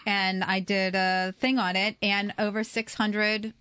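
A woman co-hosting a radio food show, upbeat and quick to laugh as she introduces guests. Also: medium pitch, little pitch movement, pushed and bright, clear, resonant tone. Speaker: radio co-host.

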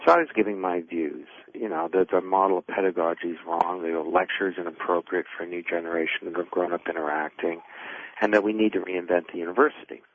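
A man guest author telling an anecdote in an animated way, acting out the people he quotes. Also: sits low, fast, a little hiss or hum. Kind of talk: anecdotal storytelling. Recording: tinny phone line.

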